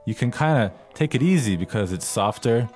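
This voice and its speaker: A man co-hosting a language-lesson podcast, explaining in a plain, relaxed way. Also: mid-range voice, fairly quick, faint music behind. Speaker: co-host explaining grammar. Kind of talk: casual language lesson chat.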